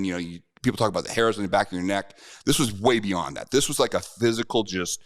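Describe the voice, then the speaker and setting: A man's voice: fairly low pitch, dry recording, studio quality. A middle-aged man and self-defense instructor telling a personal story in a conversational, earnest way.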